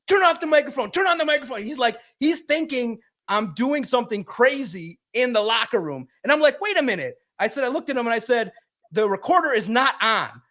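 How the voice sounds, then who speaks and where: Guy with a pretty high voice, super high energy, just chatting and spinning a story on a sports podcast. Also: animated, moderate pace, sharp tone. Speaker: podcast guest, sports publisher. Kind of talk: casual storytelling chat.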